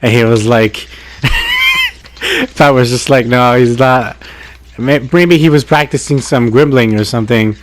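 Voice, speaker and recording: A man's voice: mid-range voice, wildly swooping pitch, unhurried, fairly bright tone. A man telling a funny story in a casual chat, swearing freely and laughing as he talks. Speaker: podcast co-host.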